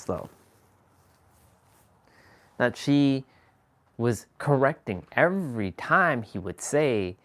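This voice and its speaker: A man's voice: medium pitch, expressive, measured pace, long pauses, a bit bright. A man hosting a live stream, chatting casually in a rambling, slangy way with chuckling asides. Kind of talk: casual chat.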